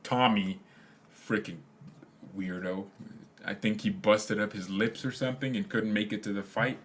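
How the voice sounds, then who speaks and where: A man's voice: on the low side, fairly even intonation, moderate pace. A young man hosting a casual fan livestream, rambling in slangy chat, laughing often and reading comments aloud. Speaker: fan channel host.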